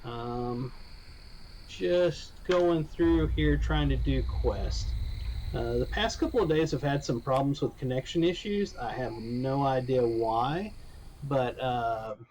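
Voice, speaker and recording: Speaking slowly in a medium-pitched, darkish voice, a streamer playing an online role-playing game mutters his way through fixing his audio, mildly exasperated and chatting casually. His voice occasionally cracks, and there's a bit of hiss or hum.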